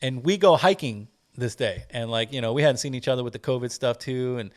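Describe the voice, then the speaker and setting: A man's voice: medium pitch, brisk. A man talking as a podcast guest, telling a story in loose, casual chat with some swearing. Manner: loose, profane, acts out scenes with quoted voices.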